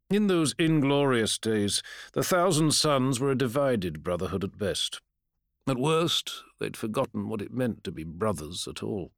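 A man reading a first-person fantasy story aloud in a measured, solemn storytelling manner. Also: lowish voice, no echo, clean studio sound. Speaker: audiobook narrator.

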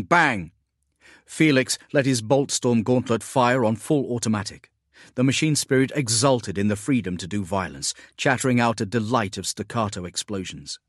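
A man narrates an audiobook in a measured, even manner. His voice is low and husky. The recording is dry and close, with no room sound. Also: no echo.

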